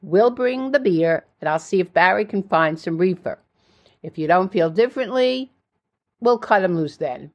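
A woman's voice: on the low side, lively intonation, moderate pace, darkish tone. Woman doing a brash scheming teen girl. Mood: persuading. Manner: pushy and upbeat, swears freely.

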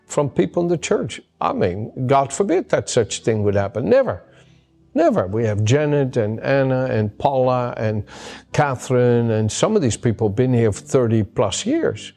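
A man's voice: medium pitch, expressive, moderate pace, gravelly, darkish tone, soft background music. A man preaching a sermon as a pastor, earnest and emphatic, often repeating his key words. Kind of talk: sermon with personal story.

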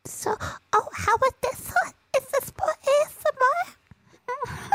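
A woman's voice: extremely high pitch, slow pace, a bit bright. A woman podcast co-host putting on a playful mock ASMR whisper.

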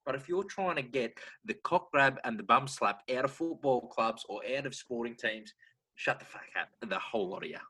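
Brash Australian man ranting, husky bright voice. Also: mid-range voice, lively intonation, moderate pace. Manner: crude mock-outraged ranting, sarcastic. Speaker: podcast co-host. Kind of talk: comedic rant.

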